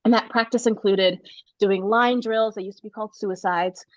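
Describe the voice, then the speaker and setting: A middle-aged American woman telling a story in a casual interview, animated and laughing often, with many restarts. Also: mid-range voice, normal speed, no room sound, highs cut off. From United States. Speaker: author guest.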